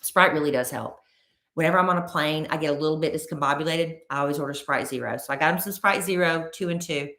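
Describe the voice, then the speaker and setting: A woman co-hosting a podcast, telling a story in a casual, animated way and acting out what people said. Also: deep voice, fast, reverberant. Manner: animated, acts out quoted voices. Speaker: podcast co-host.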